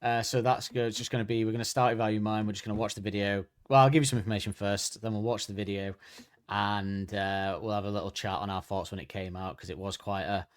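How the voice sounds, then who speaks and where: A man's voice: on the low side, fairly even intonation, fast. A man hosting a podcast in casual chat, rambling and joking, often breaking off mid-sentence. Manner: rambling, self-interrupting, jokey. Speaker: podcast host.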